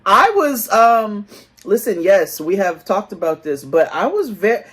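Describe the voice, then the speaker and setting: A co-host of a reality-TV recap show, chatting casually and profanely, laughing often and acting out quotes in big high voices. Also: very animated, measured pace, a bit bright, slightly rough. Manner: laughs often while talking. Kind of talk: casual pop-culture recap chat.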